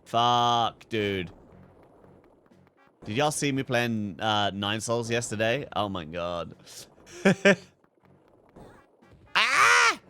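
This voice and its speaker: A man's voice: on the low side, slow pace, pauses often, fairly bright tone, clean tone, soft background music. A young man streaming a game, chatting casually, swearing freely and breaking into laughter. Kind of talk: live gameplay commentary.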